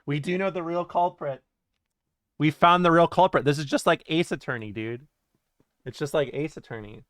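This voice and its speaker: On a live stream, a man reads chat aloud and fools around, swearing a lot and laughing. He has a fairly high voice at normal speed with a fairly bright tone, studio quality and no room sound.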